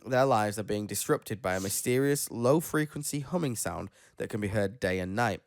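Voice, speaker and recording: A tired man with a lowish voice hosts a casual podcast, reading news stories aloud and wandering off into his own stories. He stumbles over unfamiliar names and laughs at himself. The sound is close and dry, with no room around it. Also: animated, moderate pace, no echo. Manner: rambling, self-deprecating, stumbles over names. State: tired after being ill. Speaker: podcast host.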